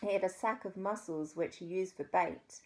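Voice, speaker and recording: New Zealand woman, low-pitched reader, expressive children's storyteller. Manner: expressive, dramatic pauses. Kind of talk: reading a children's book aloud.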